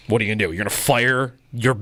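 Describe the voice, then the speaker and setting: A man's voice: medium pitch, a bit bright, no echo. A man co-hosting a sports radio show in a studio, rattling off stats and ribbing his partner in casual banter. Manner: stat-heavy, joking, playfully stubborn. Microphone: studio microphone.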